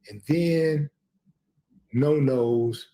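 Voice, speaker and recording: A man's voice: a little high, very slow, dark tone. A man hosting a live stream commentary, emphatic and addressing his viewers as family. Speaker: host.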